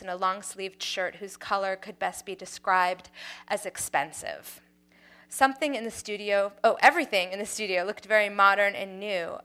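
A woman reading her own story aloud with wry, dry humor. Her voice sits at a middle pitch and stays plain and unhurried. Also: bright, forceful tone, smooth.

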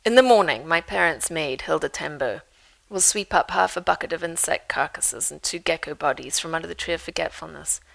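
Lively woman reading her memoir. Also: deep voice, fairly quick, vocal fry, few pauses, poor audio. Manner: lively storyteller, dry humor. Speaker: author.

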